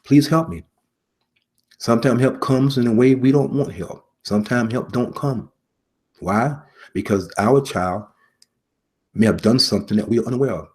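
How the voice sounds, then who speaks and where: Husky-voiced man preaching earnestly. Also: lowish voice, a little mellow. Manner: earnest, repetitive preaching with pauses. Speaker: preacher, former police officer. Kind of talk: sermon-style message.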